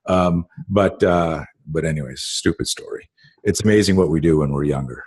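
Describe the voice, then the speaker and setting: A middle-aged man with a very low, husky voice hosts a casual talk, telling long stories full of fillers and blunt swearing. He is recorded close and dry. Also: expressive, normal speed, dry recording. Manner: rambling storyteller with many fillers and swearing. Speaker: podcast host. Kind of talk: casual conversation.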